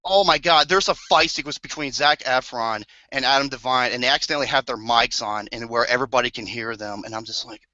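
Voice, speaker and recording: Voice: medium pitch, brisk, few pauses, sharp tone, no echo. A podcast co-host tearing into a movie in a profane, exasperated rant with theatrical outbursts. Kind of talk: ranting movie review. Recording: dull lo-fi podcast audio.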